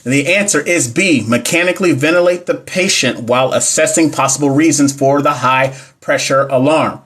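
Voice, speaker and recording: A man's voice: a little high, normal speed, fairly bright tone, a little hiss or hum. A young man, teaching nursing exam questions on a casual livestream and answering viewers' comments as he goes. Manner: chatty, reads questions aloud, talks back to viewer comments. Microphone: phone or webcam mic.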